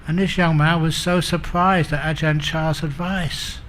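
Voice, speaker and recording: A male monk giving a dharma talk at an unhurried, deliberate pace, his voice bright and clear. He tells stories with gentle humour and chuckles at his own jokes. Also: fairly high pitch, flat delivery, slight background noise. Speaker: Buddhist monk teacher.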